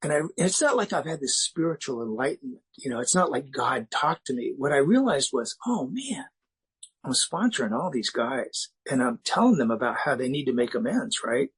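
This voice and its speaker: A middle-aged American man speaks at a recovery meeting, giving a candid, self-mocking personal talk with frequent restarts. His voice is medium-pitched, animated, and slightly rough at a moderate pace, in a rough recording.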